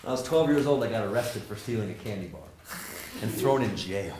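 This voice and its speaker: Middle-aged male lecturer, lively and joking, plays out voices in his anecdotes; average pitch, roomy hall with faint noise. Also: brisk. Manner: animated, joking, acts out quoted people. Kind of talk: energetic lecture to students.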